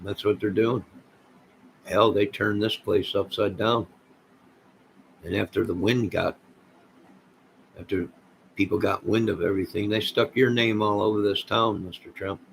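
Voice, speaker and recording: Gravelly-voiced man rambling to his chat. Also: on the low side, steady tone, measured pace, pauses often, a little hiss or hum, poor audio. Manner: rambling and conspiratorial, addressing his chat directly. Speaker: live streamer. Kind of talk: rambling late-night livestream talk.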